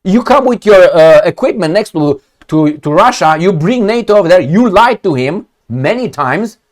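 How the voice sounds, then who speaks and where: Sarcastic, profane man with a lively voice. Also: sits high, normal speed. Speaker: political commentator. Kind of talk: ranting commentary on news clips.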